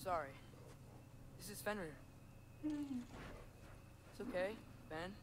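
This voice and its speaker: Earnest teen boy, bit high, noisy game audio. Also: big pitch swings, very slow, heavily acted. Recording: game audio with background noise.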